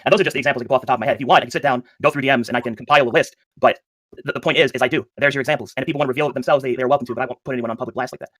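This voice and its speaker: A man's voice: mid-range voice, fairly even intonation, rapid-fire, fairly bright tone, no room sound. A man in a tense voice-chat argument, defensive and insistent, speaking over a call mic. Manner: defensive, insistent, voice rising then apologetic. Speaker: group leader facing criticism.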